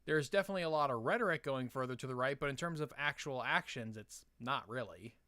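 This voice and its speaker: A young man talks through chat questions on his live stream in a casual, halting way, full of fillers and restarts. His voice is smooth and clear, at an everyday pitch for a man. The sound is close and dry, with no room around it. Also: pushed and bright, no room sound. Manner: hesitant, many fillers and restarts.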